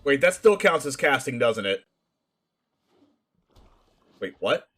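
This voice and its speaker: A man streaming a card game, commenting loudly and excitedly on each play. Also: medium pitch, slow. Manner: loud, excitable, often shouting and laughing.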